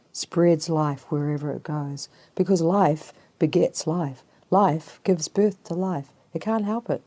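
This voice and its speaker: A woman's voice: deep voice, warm tone, dry recording. A woman preaching a sermon, repeating phrases and asking herself rhetorical questions. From New Zealand. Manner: repetitive, rhetorical call-and-response questions.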